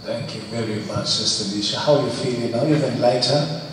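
A man preaching a lively church sermon, exclaiming and teasing his congregation. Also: mid-range voice, quick pace. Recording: echoey hall, distant mic, faint hiss.

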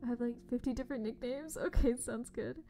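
A young woman streaming a game, chatting casually and bubbly with her viewers, often dropping to a soft whisper. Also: fairly high pitch, fairly quick. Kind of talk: casual livestream chat. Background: faint background music.

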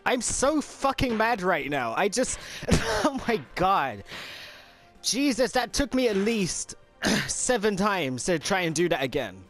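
A young man giving let's play commentary, frustrated and swearing, yelling at the game. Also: sits high, very animated, slow, faint music behind. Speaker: gameplay commentator.

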